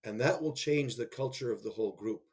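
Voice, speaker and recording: A man's voice: mid-range voice, a little fast, a little mellow, breathy edge. A middle-aged man, a school leader, speaking reflectively and telling a personal story in a roundtable discussion. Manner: reflective storyteller, acts out quoted voices.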